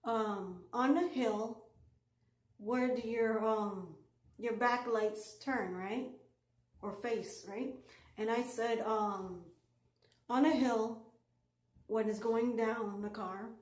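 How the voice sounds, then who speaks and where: A woman with a slightly high voice tells a personal story in a loose, rambling way, stopping often for filler ums and restarting her sentences. Her voice bounces around an echoey room. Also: fairly even intonation, slow, darkish tone.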